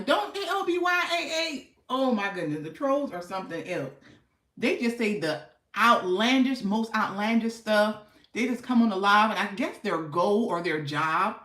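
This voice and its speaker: Animated woman chatting on a live stream. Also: mid-range voice, reverberant. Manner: chatty and playful, laughs often, talks back to the chat. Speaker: livestream host. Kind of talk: casual live-stream chat with viewers.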